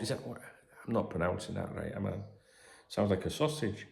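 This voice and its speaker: A man's voice: sits low, moderate pace, vocal fry, a little mellow. A middle-aged man hosting a football channel, reading transfer gossip in a casual, chatty way with cheeky jokes and the odd swear word. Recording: roomy echoey room.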